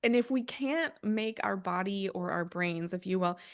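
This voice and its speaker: A woman's voice: medium pitch, moderate pace. A woman talking earnestly as a podcast guest, thinking aloud, going off on tangents and correcting herself. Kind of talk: conversational podcast interview.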